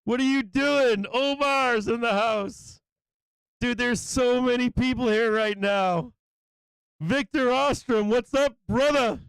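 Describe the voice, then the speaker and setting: An excitable man hosting a livestream greets viewers by name one by one, giving casual shout-outs with loose, profane enthusiasm and a catch of emotion in his voice. He speaks slowly in a high, smooth and clear voice. The recording is dry and close, with no room sound.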